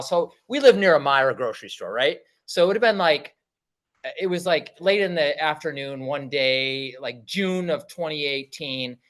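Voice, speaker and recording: A man's voice: on the high side, fairly bright tone, low-quality recording. Middle-aged man with a raised voice. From Michigan. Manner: conversational, with frequent "right?" asides and restarts. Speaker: political candidate speaking at a party meeting. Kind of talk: campaign stump speech.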